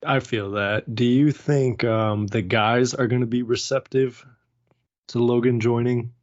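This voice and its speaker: An easygoing young man at an ordinary pitch chats and laughs often as a podcast co-host. The recording is dry and somewhat dull and lo-fi. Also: fairly even intonation, no echo. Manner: easygoing, laughs a lot, lists names slowly. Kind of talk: casual chat.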